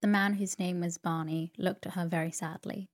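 A woman narrating a sleep story in a slow, soothing reading voice. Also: on the low side, steady tone.

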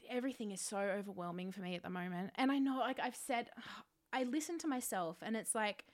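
A woman's voice: mid-range voice, brisk. An Australian woman co-hosting a podcast, sounding worn out and weary, rambling through her week in casual chat with self-deprecating asides. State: tired. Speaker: podcast co-host.

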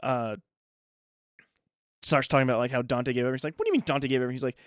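A man's voice: mid-range voice, fairly even intonation, racing, dry recording, clean studio sound. A man co-hosting a casual podcast, retelling film scenes and acting out the characters' lines. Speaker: podcast co-host. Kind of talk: casual movie discussion.

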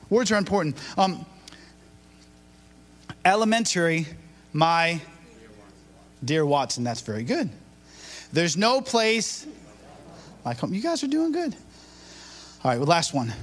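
Upbeat high-voiced preacher. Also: male voice, a bit bright. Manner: upbeat, talks with the congregation, quizzes them, then prays. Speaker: bishop preaching. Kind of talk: sermon. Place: church before a live congregation.

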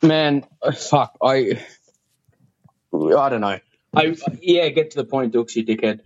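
A man rambles excitedly through a voicemail, his voice jumping around in pitch. The sound is dull and lo-fi but dry. He keeps poking fun at himself as he talks. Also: slow pace, dry recording. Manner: excitable, rambling, self-mocking. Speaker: voicemail caller. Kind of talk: casual voicemail chat.

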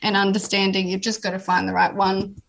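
A woman's voice: medium pitch, little pitch movement, a little fast, gravelly. A woman, a guest speaking earnestly and openly in a candid personal conversation, often restarting her sentences. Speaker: interview guest.

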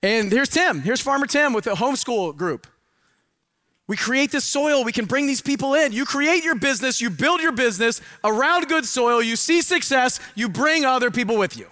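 A middle-aged man speaking at a live seminar with a high, bright and forceful voice. He preaches with energy and drops into hushed asides between loud urging. The sound is dry and close. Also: expressive, normal speed, no echo. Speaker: motivational speaker. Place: event hall with a live audience.

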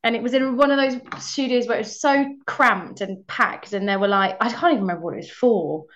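On a podcast, a young actress shares stories conversationally, frequently laughing and reenacting her own past remarks. She speaks a little fast with a slightly high, fairly bright voice, over slightly muffled lo-fi audio.

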